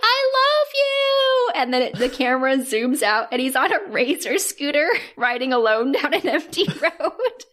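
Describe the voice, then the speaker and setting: A woman with a somewhat high voice chats casually on a podcast, laughing often as she recaps a drama. Her retelling is quick and giggly. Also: a bit bright. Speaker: podcast co-host.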